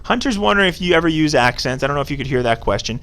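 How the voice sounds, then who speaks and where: A man's voice: a little high, animated, very fast, fairly bright tone. Chatty male Spanish teacher in class. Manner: chatty, informal, prompts students to call out answers. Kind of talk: casual classroom screencast lesson. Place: classroom with students present.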